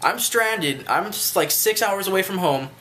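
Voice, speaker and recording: A man's voice: high-pitched, lively intonation, moderate pace, bright, forceful tone. Rambling young guy telling a story. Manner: rambling, loose, with frequent swearing. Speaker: vlogger. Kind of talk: casual storytelling rant.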